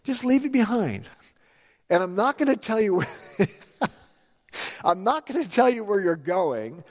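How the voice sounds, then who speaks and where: A preacher voicing God, calm and commanding. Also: male voice, sits high, measured pace, full character voice. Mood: solemn. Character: God speaking, commanding calm male deity. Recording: long hall reverb.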